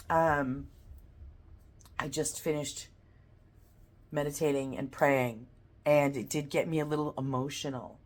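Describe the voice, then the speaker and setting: A woman giving a heartfelt spiritual morning talk as a card-reading vlogger, gently guiding the listener through breathing. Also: deep voice, steady tone, a little slow, pauses often.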